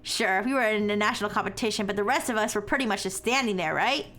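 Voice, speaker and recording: A woman's voice: medium pitch, fast talker, a bit bright, faint music behind, lightly acted. A woman voicing gossiping teenage schoolgirls who complain in a catty, whiny way while reading game dialogue aloud.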